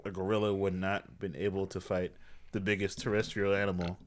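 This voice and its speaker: A man co-hosting a casual chat, low-key and dry, cracking deadpan jokes. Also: fairly quick, slight background noise. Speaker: podcast co-host.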